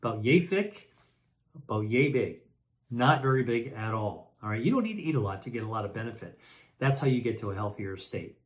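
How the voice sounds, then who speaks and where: A male doctor talks straight to the camera, explaining health advice in a loose, conversational way. He stops and restarts his sentences, drops in "uh" and "um", and keeps checking in with "all right" while he repeats the main points. His voice sits in an ordinary middle pitch for a man. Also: animated, brisk. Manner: conversational, with many fillers and self-corrections. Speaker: physician and health educator.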